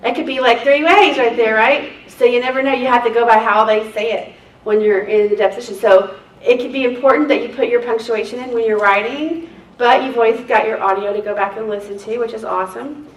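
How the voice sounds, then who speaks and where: A woman court reporter, telling lively stories at a seminar and acting out the people she quotes. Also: on the high side, fairly quick. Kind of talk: anecdotal seminar talk to a group. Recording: echoey room, distant mic.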